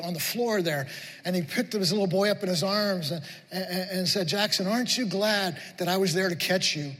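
A middle-aged man preaches in a fairly high voice, earnest and repetitive, piling up emphatic questions. His sermon rings out with long reverb through a church hall. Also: fairly bright tone. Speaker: pastor. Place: church sanctuary.

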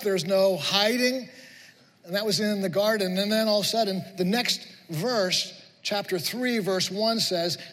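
A middle-aged man preaches in a fairly high voice, earnest and repetitive, piling up emphatic questions. His sermon rings out with long reverb through a church hall. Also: fairly bright tone. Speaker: pastor. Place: church sanctuary.

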